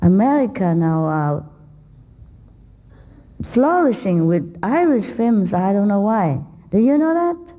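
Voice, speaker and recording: Slow, mellow, playful woman teacher. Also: mid-range voice, very animated, muffled recording. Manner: playful, teasing, laughs often; non-native English with simple grammar. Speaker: spiritual teacher. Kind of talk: informal dharma talk to an audience. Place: hall with a seated audience.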